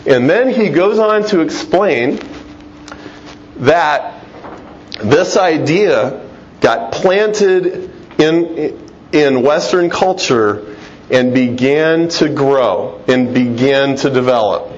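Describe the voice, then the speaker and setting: A man's voice: on the high side, animated, very slow. Man giving an emphatic lecture-style talk. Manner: conversational, emphatic, with restarts. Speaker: Christian speaker. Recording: dull lo-fi sound with faint noise.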